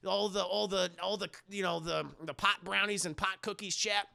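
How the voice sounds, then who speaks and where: Man, film recap, live chat, profane, laughing, gravelly, high voice. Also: moderate pace. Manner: animated, profane, laughs often, talks to chat. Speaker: film reviewer streaming to chat. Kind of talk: casual scene-by-scene film recap.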